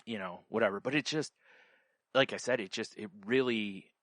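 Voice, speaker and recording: A man's voice: lowish voice, moderate pace, a bit bright, no room sound. A man co-hosting a podcast, telling a story in casual chat, rambling with lots of fillers and restarts. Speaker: podcast co-host.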